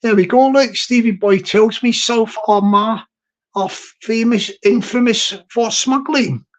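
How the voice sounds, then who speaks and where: A man's voice: extremely high pitch, measured pace. A middle-aged man chatting casually to his viewers in a playful, self-amused way, drawing out place names and laughing often. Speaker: YouTube streamer chatting with viewers. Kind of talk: casual rambling chat.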